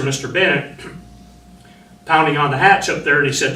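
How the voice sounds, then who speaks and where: An older man and former Marine telling his survival story to an audience in a plain way, his voice rising when he recalls shouting. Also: fairly high pitch, fairly quick. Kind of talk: personal war testimony to an audience. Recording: roomy, distant mic, faint noise.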